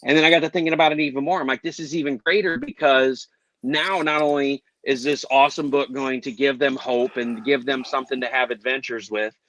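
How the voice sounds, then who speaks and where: A man's voice: medium pitch, fairly even intonation, fairly quick, a bit bright, no room sound, rough recording. A man hosting a casual podcast chat, talking in a rambling, upbeat way. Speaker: podcast host.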